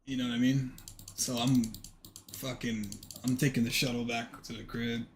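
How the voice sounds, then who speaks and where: A man's voice: medium pitch, moderate pace, a little hiss or hum. Man telling a story while gaming. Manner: animated, swears, acts out dialogue in quotes. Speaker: streamer. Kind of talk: casual storytelling on a game stream.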